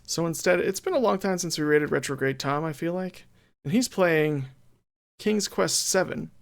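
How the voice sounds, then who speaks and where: Gravelly man chatting on stream. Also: a little high, normal speed. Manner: chatty and playful, reads game text with mock drama. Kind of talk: casual game stream chat, reading game text aloud.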